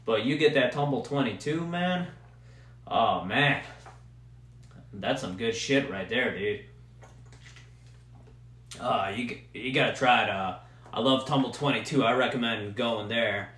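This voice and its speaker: A man's voice: mid-range voice, unhurried, pauses often, fairly bright tone. A man who does stand-up, telling a rambling, swear-filled story on his own podcast in a loose, casual way. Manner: profane, loose and rambling, heavy on "dude" and "man". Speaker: stand-up comedian and podcast host. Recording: echoey room sound.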